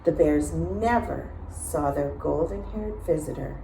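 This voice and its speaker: A woman reading a children's story aloud, slow and expressive, pausing to ask the listeners questions. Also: low-pitched, creaky, a little hiss or hum. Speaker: storytime reader. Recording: echoey room.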